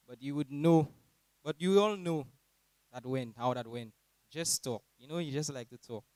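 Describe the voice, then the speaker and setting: Smooth-voiced Saint Lucian young man. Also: dry recording, rough recording. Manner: animated, mimics teachers in high voices. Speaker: graduating student giving a speech. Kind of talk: humorous graduation speech.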